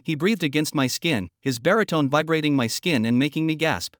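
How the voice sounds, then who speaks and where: Male narrator, slightly high voice, dry close-miked sound, steady audiobook reading. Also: fairly quick, hardly any pauses, no room sound. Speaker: story narrator. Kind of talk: scripted first-person audiobook narration.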